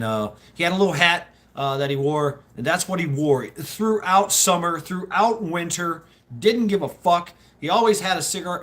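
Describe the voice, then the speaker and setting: A man's voice: fairly high pitch, a bit bright. A Southern man hosting a livestream, talking casually in a rambling, profane way with lots of laughter. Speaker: livestream host.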